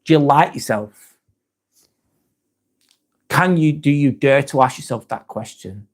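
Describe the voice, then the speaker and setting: A man's voice: medium pitch, measured pace. A man hosting a live stream, chatting casually, reading viewer comments aloud and swearing now and then.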